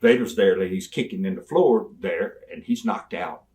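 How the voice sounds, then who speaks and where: A man's voice: low voice, moderate pace. Folksy older man. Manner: animated, folksy, laughs through stories. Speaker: interview guest. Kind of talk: storytelling in a sit-down interview.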